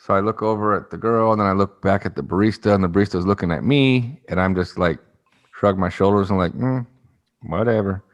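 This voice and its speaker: Man, podcast co-host, chatty rambling anecdote, fairly low voice. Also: fast. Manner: rambling storyteller acting out the people he quotes. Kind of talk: casual chat, telling a story.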